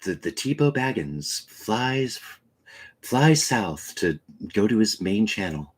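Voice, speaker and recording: A man voicing a hushed male nature documentary narrator in slow, lowered, solemn narration. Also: sing-song, heavily acted.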